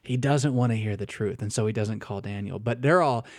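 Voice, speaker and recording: Animated man teaching scripture, dry sound. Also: on the low side, brisk, dry recording. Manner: animated, asks "right?" often, repeats words as he thinks. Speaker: Bible teacher. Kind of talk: conversational Bible teaching with scripture reading.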